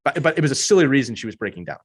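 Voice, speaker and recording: A man in his thirties with a hoarse, worn voice talks on a podcast panel. He is a youth hockey coach who speaks earnestly and repeats himself to drive each point home. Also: mid-range voice, big pitch swings, very fast.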